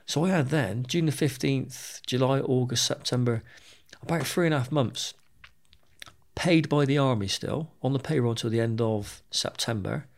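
British man, ex-army, gravelly low-edged voice, blunt candid storyteller who swears and trips over his words, interview guest. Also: moderate pace. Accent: British English. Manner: candid and plain-spoken, swears freely, repeats words as he goes. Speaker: interview guest, former soldier.

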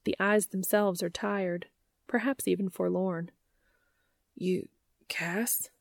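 A woman narrating a story aloud in a measured, gentle manner. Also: mid-range voice, steady tone, vocal fry, no echo. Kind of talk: reading fan fiction aloud.

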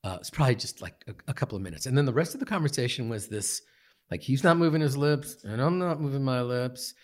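A man guest on a podcast, telling a personal story in an earnest, halting way with many fillers and restarts. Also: mid-range voice, lively intonation. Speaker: guest, meditation teacher. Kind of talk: reflective storytelling. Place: podcast studio.

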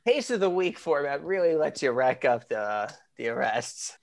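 A man's voice: a little high, very animated, moderate pace, creaky. A man co-hosting a podcast, joking through a casual episode recap and putting on silly voices. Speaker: podcast co-host.

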